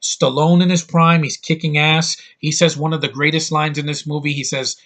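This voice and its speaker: A man's voice: on the high side, level tone, moderate pace, a bit bright. A man in his thirties talking through a DVD haul in a casual vlog, blunt and opinionated, rambling with crude outbursts. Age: 30s. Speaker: YouTube reviewer.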